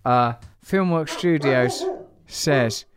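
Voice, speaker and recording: A man's voice: medium pitch, extremely slow, noisy background. A man hosting a podcast, teasing and rambling through asides between introductions. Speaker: podcast host. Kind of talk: playful podcast intro and banter.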